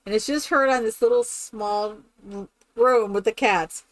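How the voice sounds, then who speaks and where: A woman streaming a game who chats casually and tells stories in an animated way. She laughs often and keeps asking "right?". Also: a little high, unhurried, no room sound. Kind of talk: casual chat while playing a game.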